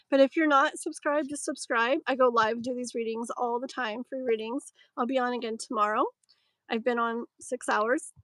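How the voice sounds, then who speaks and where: Woman, thirties, live-stream tarot reader, rambling casual chat, a bit strained, higher pitch, close dry sound. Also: fairly bright tone, no room sound, low-quality recording. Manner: rambling, filler-heavy, chatty. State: voice strained, clearing throat.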